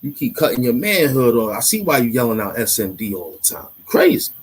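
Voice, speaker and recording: A husky-voiced man hosts his own online commentary show. He rants in a loud, mocking and animated way, hammering points home by repeating them, at a middling pitch. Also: a little fast. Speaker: YouTube commentary host. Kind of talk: casual ranting commentary.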